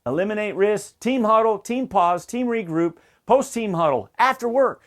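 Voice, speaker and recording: A man's voice: high voice, lively intonation, moderate pace. A middle-aged man giving an emphatic, coach-like safety training talk, repeating key points. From Southern United States. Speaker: safety instructor.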